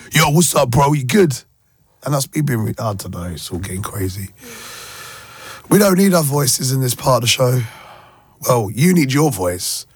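Hoarse radio host, strained voice. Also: male voice, medium pitch, dry recording. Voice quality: strained, croaky. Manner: self-mocking, rambling. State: hoarse, losing his voice. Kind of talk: casual radio chat. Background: music.

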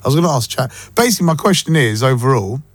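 A man with a London accent hosting a radio show, chatting casually and playfully, quick to laugh. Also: medium pitch, lively intonation, dry recording. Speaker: radio host. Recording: dry studio with faint music.

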